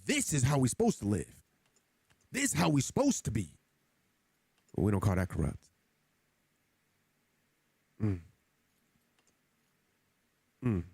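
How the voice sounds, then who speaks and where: A man's voice: mid-range voice, wildly swooping pitch, slow, vocal fry, long pauses, darkish tone, husky, no room sound. A man streaming a game who talks casually to his chat in an earnest, preachy way, often repeating himself. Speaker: gaming streamer. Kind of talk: casual livestream talk to chat.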